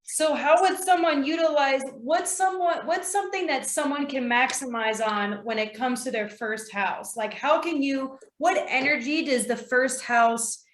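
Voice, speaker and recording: High-voiced woman host in an echoey room. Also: unhurried, few pauses. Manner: brief backchannel, then asks questions. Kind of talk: casual interview chat.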